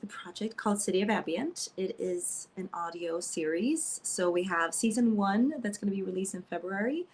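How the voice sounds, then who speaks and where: A woman guest in a relaxed interview speaks at a medium pitch, halting and hesitant, often pausing on small fillers and restarting her phrases. A faint ambient hum sits quietly behind her voice. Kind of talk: casual conversational interview.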